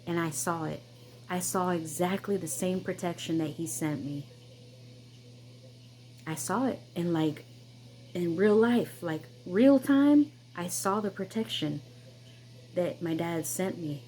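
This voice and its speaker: A woman's voice: fairly low pitch, measured pace, pauses often, darkish tone, rough recording. A woman hosting her own channel, telling a personal story in an emphatic, insistent way, with many repeats and restarts. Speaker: vlogger, channel host.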